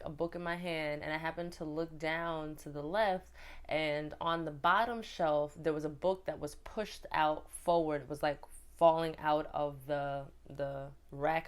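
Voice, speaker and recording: A woman's voice: low-pitched, normal speed, smooth. A woman from New York chatting through a personal storytime with lots of fillers. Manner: chatty, animated retelling with many fillers. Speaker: vlogger. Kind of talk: casual storytime.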